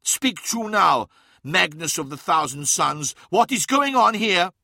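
A man's voice: sits high, fairly even intonation, moderate pace, vocal fry, slightly rough, no echo, studio quality, voice pushed up, heavily acted. A man doing a brash wolf-warrior lord. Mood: confrontational. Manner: loud, challenging.

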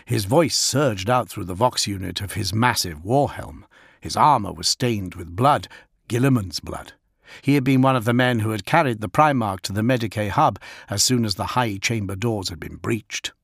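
Gravelly, low-voiced male narrator. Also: normal speed, a bit bright, no echo, clean studio sound. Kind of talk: audiobook narration.

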